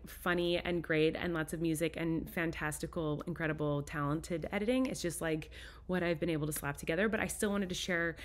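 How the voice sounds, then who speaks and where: A woman in her thirties talking fast and rambling in a casual vlog, stressed and overwhelmed. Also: on the low side, roomy sound. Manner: rapid, chatty and rambling. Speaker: vlogger. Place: hotel room.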